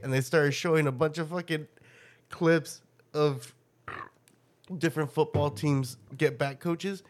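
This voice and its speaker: A man's voice: a little high, steady tone, measured pace, long pauses. A man co-hosting a podcast, telling stories in rambling, profane casual chat and laughing often. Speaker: podcast co-host.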